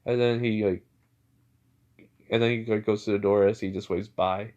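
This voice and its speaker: A man casually telling a fan-fiction story out loud, rambling with lots of filler words. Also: fairly low pitch, fairly even intonation, moderate pace, lo-fi sound.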